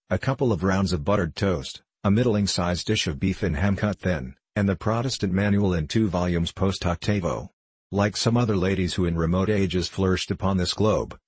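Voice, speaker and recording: A man narrating a classic novel as an audiobook reader, measured and wry. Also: low voice, husky, dry recording. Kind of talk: scripted narration.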